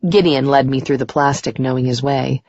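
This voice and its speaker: A woman narrating a first-person romance audiobook in a steady, unhurried reading voice. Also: very deep voice, dry recording. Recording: dry, dull muffled recording.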